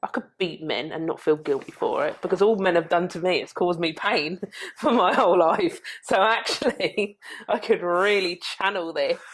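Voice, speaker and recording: A woman sits as a podcast guest, speaking in a fairly low voice. She tells her story candidly and bluntly, swearing without hesitation. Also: moderate pace, slightly rough. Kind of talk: frank personal storytelling.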